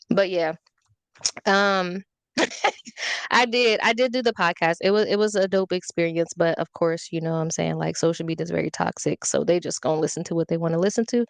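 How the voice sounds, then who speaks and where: A woman's voice: on the low side, brisk, no echo. A young woman, chatting candidly on a podcast about dating and trolls, telling stories with swearing and sass. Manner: petty, candid, animated storytelling with swearing. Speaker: podcast guest, social media influencer. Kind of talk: casual podcast chat.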